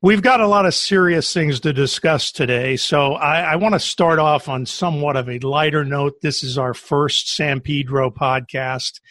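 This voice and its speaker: A man hosting a local podcast, speaking in a measured, scripted way over a video call. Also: a little high, a bit bright, no room sound. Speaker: podcast host.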